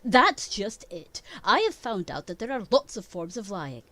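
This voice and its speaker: Lady doing a dramatic princely guy, earnest and showy, lively voice, dry close sound. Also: mid-range voice, moderate pace, no echo. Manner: theatrical, earnest, emphatic. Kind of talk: fan audio sketch.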